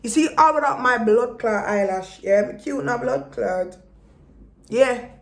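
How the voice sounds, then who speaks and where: A young woman giving a blunt, profane motivational vlog rant and slipping into Jamaican-style patois. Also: fairly high pitch. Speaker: vlogger. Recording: roomy echo.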